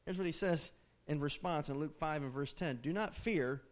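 Lively, conversational male preacher. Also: fairly high pitch, moderate pace. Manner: animated, conversational preaching with rhetorical questions. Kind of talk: sermon.

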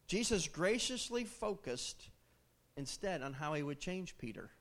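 A male preacher delivering a sermon in a lively, conversational manner, often turning to his listeners with questions. His voice sits a little high for a man, and he swings between emphatic bursts and quieter asides. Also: measured pace.

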